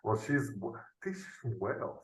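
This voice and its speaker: A man's voice: medium pitch, very animated, moderate pace. A man tutoring math in a loose, unscripted lesson, thinking aloud and often ending with tag questions, heard over a video call. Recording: roomy, from off the mic.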